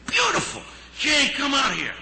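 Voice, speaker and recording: A man voicing a gruff middle-aged diner owner whose voice cracks high with emotion. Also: huge pitch swings, moderate pace, pushed and bright, roomy sound, heavily acted. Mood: tearful.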